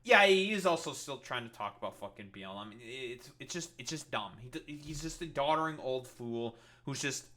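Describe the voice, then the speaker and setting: A man's voice: medium pitch, animated, fairly quick, few pauses, bright, forceful tone. A man doing reaction commentary, ranting in an exasperated, profane way. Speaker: political commentator streamer.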